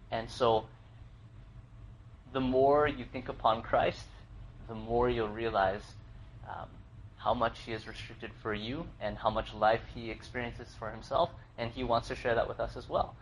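Young male pastor, mid-pitched, chatty and self-deprecating, sermon on a faint noise bed. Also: low-quality recording. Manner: conversational, laughs often, many fillers and restarts. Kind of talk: casual sermon with personal story.

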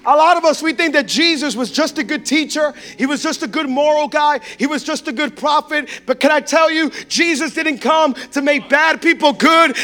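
High-voiced man preaching with fervor. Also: moderate pace, hardly any pauses, faint music behind. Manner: impassioned preaching that swings from shouts to hushed tones. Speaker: pastor. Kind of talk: sermon.

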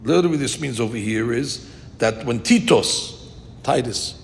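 Male Torah teacher, mid-pitched, lively storyteller; large echoing hall with faint rumble. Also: normal speed, creaky. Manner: lively storyteller, rises to quote Hebrew verses. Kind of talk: Talmud class with storytelling. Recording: long reverb with faint rumble.

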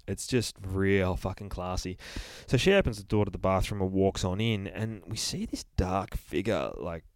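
A man's voice: sits low, normal speed, no echo. A man casually retelling a horror comic as a reviewer, in a loose, sweary, rambling way full of fillers.

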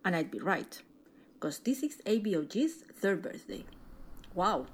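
A woman's voice: mid-range voice, very animated, measured pace, a little hiss or hum. A woman from Spain reading a cheerful recorded greeting to a podcast as a listener. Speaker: listener sending a message.

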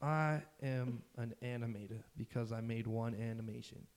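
A young man with a voice of ordinary pitch co-hosts a casual podcast. He teases the guest, acts mock-offended and asks pointed questions. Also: moderate pace, a little mellow. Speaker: podcast co-host. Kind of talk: casual chat.

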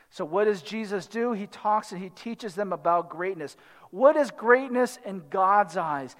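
His voice sits high and sounds a bit bright against a big-room sound. The man is a pastor preaching conversationally, often checking in with the congregation and adding "right?" as he goes.

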